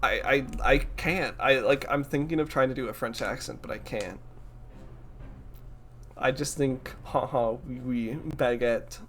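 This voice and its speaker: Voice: mid-range voice, a little slow, pauses often, a bit bright, faint music behind. A streamer casually commenting over a game in a self-deprecating, stammering way.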